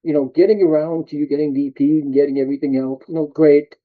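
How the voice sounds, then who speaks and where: A man interviewing a guest, asking questions in a halting way and repeating words as he starts. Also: a little high, flat delivery, phone-quality sound.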